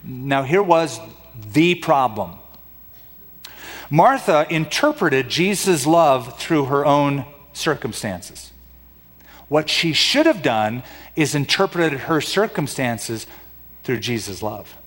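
Slow, dramatic preaching man in a hall. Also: on the high side, expressive. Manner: dramatic preaching with rhetorical questions and sharp shifts in loudness. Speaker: pastor. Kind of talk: sermon. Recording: long hall reverb.

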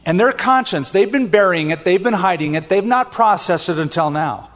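A man's voice: high voice, lively intonation, moderate pace, fairly bright tone. A male pastor preaching an expository sermon, reading scripture aloud and then explaining it in a conversational way. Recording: long hall reverb.

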